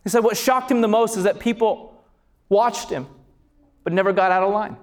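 High-voiced passionate preacher man. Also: fairly even intonation, moderate pace. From California. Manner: passionate, swells to shouts on key lines. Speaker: pastor. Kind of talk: sermon.

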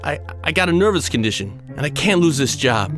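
A man's voice: on the high side, lively intonation, fast talker, over music, pitched above the performer's own voice, natural voice. A man voicing a nervous, eager young male medical student with a pleading, jittery manner.

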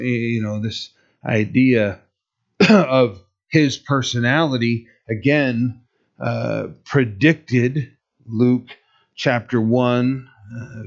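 Slow-talking preacher man, dull recording. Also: mid-range voice. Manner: conversational, asides and fillers, rising to stern emphasis on quoted rebukes. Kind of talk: sermon.

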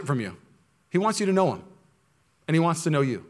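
A man pastors his congregation in a sermon. His voice sits a touch high, sinking into soft, low asides before climbing into loud, fervent preaching. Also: big pitch swings, fast.

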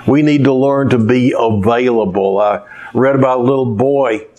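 A man preaches a sermon in a mid-range, slightly mellow voice at a moderate pace, though the audio is dull. He tells stories in a rambling way, sometimes losing his place and starting over.

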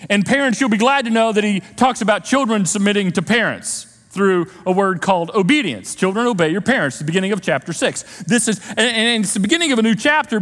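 A middle-aged male pastor preaching a sermon, animated, with emphatic repeated refrains and casual asides. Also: high voice, long reverb tail. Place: large church auditorium.

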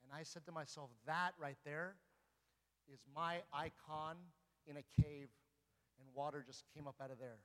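A man's voice: a little high, steady tone, normal speed. A man preaching a sermon as an Orthodox priest in a church, speaking earnestly and pressing his listeners with repeated rhetorical questions. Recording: long reverb of a large hall.

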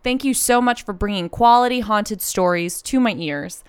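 Podcast co-host, woman, clear voice, close and dry, effusive reader of fan mail. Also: medium pitch, moderate pace, no room sound. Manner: effusive, reads listener mail aloud, tearful when moved. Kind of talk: casual chat. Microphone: handheld mic.

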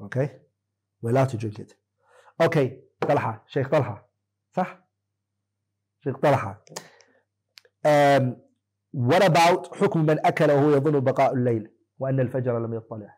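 A man's voice: mid-range voice, quick pace, pauses often, darkish tone, breathy edge, rough recording. A man teaching a classroom lesson on Islamic law, quizzing his students by name and correcting them firmly.

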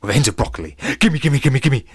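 A man's voice: mid-range voice, very animated, fast talker, slightly rough, dry recording, studio quality, pitched above the performer's own voice. A man voicing a greedy, overexcited slobbery puppy, babbling and breathless.

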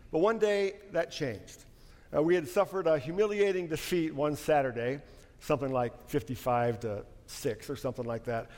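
Middle-aged guy preaching, kinda high voice, chatty storyteller, big echoey hall. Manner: conversational, anecdotal, animated in stories. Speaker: pastor. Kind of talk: sermon with storytelling. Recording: long hall reverb.

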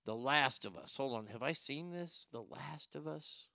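A man's voice: medium pitch, normal speed, few pauses, bright, forceful tone, no echo. A man in casual, rambling commentary, sarcastic and profane as he thinks aloud.

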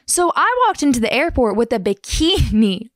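A young woman from New Jersey telling her own surfing story in a fast, chatty, animated way with casual slang. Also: sits high, no room sound, clean studio sound. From New Jersey, United States. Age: young adult.

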